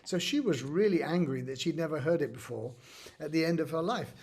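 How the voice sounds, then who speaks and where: A man's voice: fairly high pitch, a little fast, a little mellow. A man, a guest musician, talking animatedly in a conversational interview and often saying "you know". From United Kingdom.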